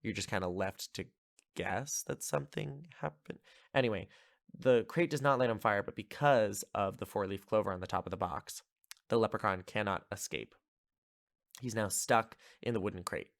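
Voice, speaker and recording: A man's voice: lowish voice, moderate pace, vocal fry, no room sound, clean studio sound. A man hosting a podcast, casually recapping a film in a chatty, amused way with lots of filler words. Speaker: podcast host.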